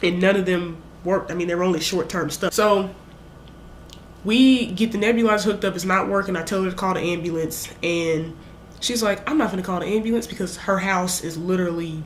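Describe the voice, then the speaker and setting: A woman's voice: fairly low pitch, normal speed, slight background noise. A young woman, retelling a story in a casual, rambling way and acting out her own lines. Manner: animated, rambling retelling with acted-out quotes. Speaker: vlogger. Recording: echoey room.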